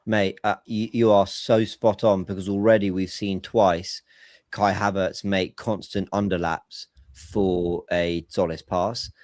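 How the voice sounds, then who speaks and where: A man's voice: deep voice, flat delivery, measured pace, darkish tone, dry recording, studio quality. A man hosting a casual football podcast over a remote call, talking analytically and explaining tactics at length. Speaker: podcast host.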